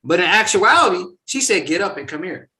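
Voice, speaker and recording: A man's voice: high voice, brisk. A man hosting a casual reaction discussion, talking emphatically and acting out quotes. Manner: animated, emphatic, acts out quotes. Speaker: host.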